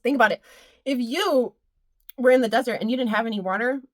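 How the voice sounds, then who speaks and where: A woman's voice: a little high, quick pace, no echo. A woman giving a casual spiritual pep talk. She is exuberant, laughs often and strings her phrases into rhythmic lists. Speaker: spiritual channel and motivational speaker.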